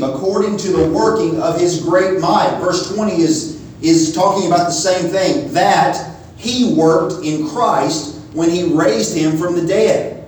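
A man in his forties preaching a sermon, his voice sitting a little high for a man. He stresses some words hard and drops to quiet asides on others. The sound carries the heavy echo of a large hall, picked up from some distance with a faint room hum behind it. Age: 40s. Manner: emphatic, swings between loud stresses and quiet asides. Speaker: pastor. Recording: echoey hall, mic at a distance, faint ambience.

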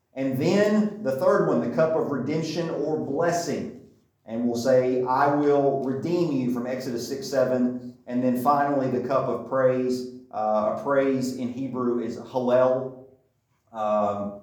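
A man's voice: mid-range voice, a little mellow. A man teaching a Bible class, explaining things in a conversational way and often checking in with his listeners. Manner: conversational, with frequent checks like "okay?" and "right?". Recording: echoey room, distant mic.

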